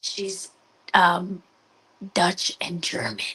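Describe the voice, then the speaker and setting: A woman's voice: fairly low pitch, lively intonation, very slow, fairly bright tone, poor audio. A woman in her twenties, a podcast guest giving short, easygoing replies in a casual chat. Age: 20s.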